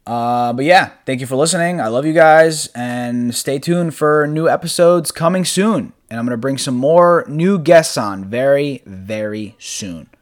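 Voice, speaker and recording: A man's voice: medium pitch, unhurried, hardly any pauses. Laid-back young man chatting on a podcast. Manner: rambling, laid-back, swears casually, laughs often. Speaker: podcast host. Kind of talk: casual solo podcast chat. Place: apartment room at home.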